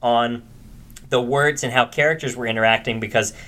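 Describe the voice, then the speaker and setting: A man co-hosting a casual podcast chat, animated and profane, explaining his views at length. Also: mid-range voice, normal speed. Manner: animated, profane, quotes movie lines with big shouts. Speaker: podcast co-host.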